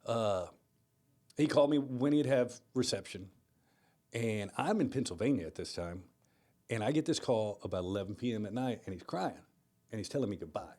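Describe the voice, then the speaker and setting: A man co-hosting a podcast, relaxed, dropping his voice low for the serious parts of a story. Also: moderate pace. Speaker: podcast co-host. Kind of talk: casual chat, storytelling.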